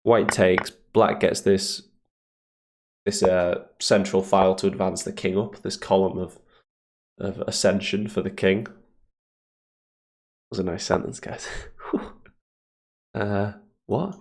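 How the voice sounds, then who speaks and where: A man streaming chess and thinking aloud in a casual, hesitant way, with a deep, gravelly morning voice. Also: little pitch movement, a little slow, long pauses. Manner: thinks aloud, hesitant fillers, chuckles often. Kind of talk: casual live commentary on chess games.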